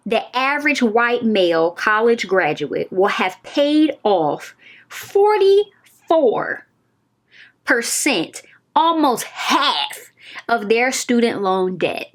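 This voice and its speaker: A woman's voice: on the high side, animated, slow pace, a bit bright. Emphatic young woman reviewing TV. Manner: emphatic, repeats phrases, talks straight to viewers. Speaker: TV review vlogger. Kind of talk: casual show review.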